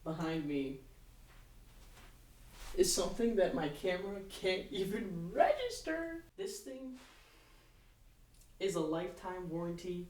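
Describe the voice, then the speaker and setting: A woman's voice: fairly low pitch, very animated, slow, long pauses, a little mellow, far from the mic. A young woman telling stories in a casual, rambling way, full of "like" fillers and swearing, recorded in her living room. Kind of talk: casual storytelling. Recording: roomy, off-mic, faint noise.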